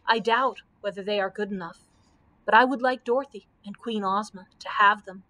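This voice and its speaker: Woman doing a gruff shy dromedary. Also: medium pitch, moderate pace, sharp tone, lightly acted. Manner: gruff, doubtful.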